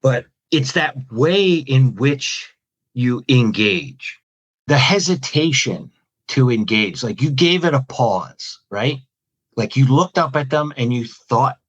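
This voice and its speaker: A man in a podcast conversation who walks through ideas methodically, often posing questions and listing points. His voice sits at an ordinary middle pitch, and he sounds like a trainer explaining a method to a colleague. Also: lively intonation, slow, slightly rough. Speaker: communication trainer guest.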